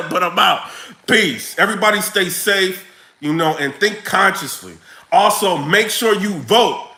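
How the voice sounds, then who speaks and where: A man ranting casually to camera in his vlog, animated, full of slang and laughing often. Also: high-pitched, takes it slowly, echoey room, poor audio. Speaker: vlogger.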